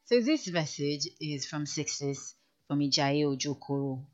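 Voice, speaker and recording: A woman's voice: low voice, lively intonation, unhurried, darkish tone. A woman hosting a late-night radio show, talking frankly and with a teasing edge between songs. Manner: frank and teasing, laughs at listeners' views. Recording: muffled lo-fi radio broadcast.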